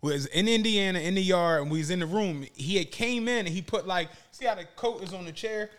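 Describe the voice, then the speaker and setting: A man with a Philadelphia accent, hosting a podcast and telling animated, laughing stories in casual chat. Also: sits high, a little fast. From Southwest Philadelphia.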